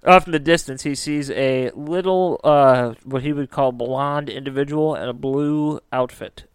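A man's voice: medium pitch, a little slow, clear, resonant tone, no room sound. A man casually telling a spooky story as a podcast host, chatty and full of filler words.

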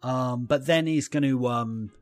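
A young man rambles through silly made-up scenarios, full of "um"s and "like"s. His voice sits at an ordinary middle pitch and is recorded close and dry. Faint music plays underneath. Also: unhurried, dry recording. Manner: playful, rambling riffing with fillers. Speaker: podcast co-host. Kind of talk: casual comedic chat.

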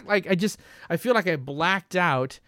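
A podcast co-host in casual chat, this man tells stories animatedly, laughing and swearing as he goes. His voice sits high with lively intonation and normal speed, bright, forceful, clear and resonant. The sound is clean studio quality with no room sound.

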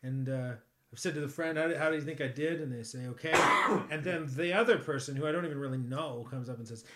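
A man's voice: on the high side, fast, fairly bright tone. A man, a comedian, telling stories in casual podcast chat, swearing freely with laughing asides. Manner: profane, storytelling, laughing asides.

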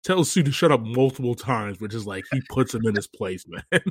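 Male podcast co-host, mid pitch, dry booth sound, easygoing recap. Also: normal speed, husky, no echo. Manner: relaxed storytelling, laughs often. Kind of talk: casual chat recapping a film.

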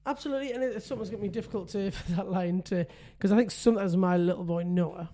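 Chatty dad with a high voice. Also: male voice, fast, warm tone. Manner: chatty storyteller, laughs often. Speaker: podcast co-host. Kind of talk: casual chat.

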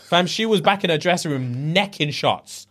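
Animated man retelling drama. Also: a little high, normal speed. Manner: animated storyteller, acts out quotes, heavy slang. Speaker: podcast co-host. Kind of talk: casual chat, retelling a reality show.

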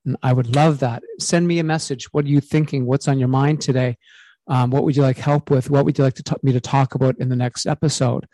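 A man's voice: mid-range voice, dark tone, no echo. Upbeat male voice coach, close and dry. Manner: enthusiastic, rambling, self-promoting. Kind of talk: casual coaching monologue. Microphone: close microphone.

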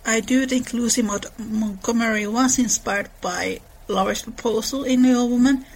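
A woman's voice: a little high, fairly even intonation, normal speed, husky, poor audio. A woman hosting a podcast, chatting casually about books and reading passages aloud. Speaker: podcast host. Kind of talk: casual book discussion.

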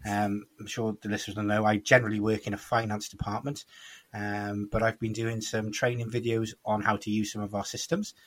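A man's voice: on the low side, little pitch movement, brisk. A young man hosting a casual podcast chat, teasing his co-hosts and steering the talk. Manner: teasing, jokey, leads the chat. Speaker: podcast host.

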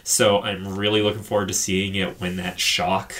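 Low-voiced man in rambling podcast chat. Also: level tone, moderate pace, a bit bright. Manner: rambling, swears freely, many fillers. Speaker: podcast co-host. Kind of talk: casual film podcast chat.

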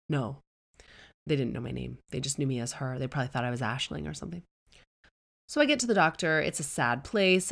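A woman in her forties with a low voice, spinning a comic story. She's blunt and sweary, animated throughout, and slips into quick voices for the people she quotes.

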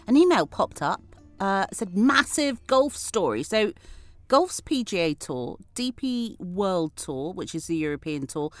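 A woman's voice: medium pitch, big pitch swings, a little slow, no echo. A woman co-hosting a daily news podcast, chatting in a playful, chatty way. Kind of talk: upbeat news round-up chat.

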